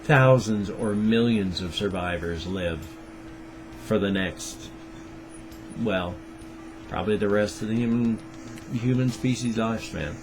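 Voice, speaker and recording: A man's voice: fairly low pitch, a little slow, pauses often. Sardonic man in his fifties vlogging. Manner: sardonic, darkly joking. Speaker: daily vlogger. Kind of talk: rambling monologue. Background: music.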